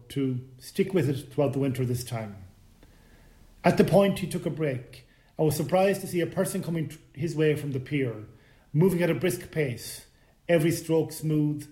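A man narrating a short story in a calm, measured reading voice. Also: a little high. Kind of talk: scripted narration.

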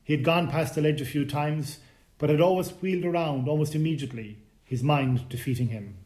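A man narrating a short story in a calm, measured reading voice. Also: fairly high pitch. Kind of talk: scripted narration.

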